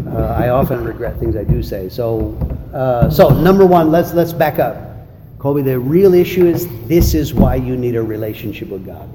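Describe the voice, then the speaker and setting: Animated man preaching in an echoey hall. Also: medium pitch. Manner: animated storyteller who acts out quarrels and laughs often. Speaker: pastor or church teacher. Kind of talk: church lesson answering questions. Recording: echoey hall with background noise.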